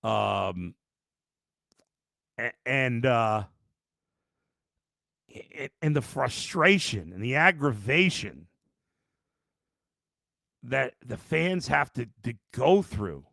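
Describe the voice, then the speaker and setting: Male sports podcast host, exasperated ranter, gravelly voice, dry close mic. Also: mid-range voice, expressive, drawn-out words, long pauses, bright, forceful tone, no echo. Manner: ranting, exasperated, with many restarts. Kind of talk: post-game sports talk, reading chat.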